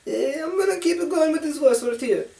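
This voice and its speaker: A man's voice: very high voice, lively intonation, vocal fry, warm tone, pitched above the performer's own voice, full character voice. Brief: man doing a clumsy mock-Russian reporter, broken English, heard from across an echoey room. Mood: mock-serious. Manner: slow, broken English, giggly. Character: bumbling foreign male Olympics reporter. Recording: echoey room, mic at a distance.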